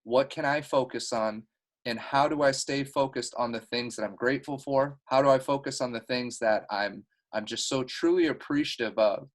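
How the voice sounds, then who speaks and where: Team-leader type, man, mid pitch, earnest and heartfelt, rambling motivational talk over a video call. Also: moderate pace, rough recording.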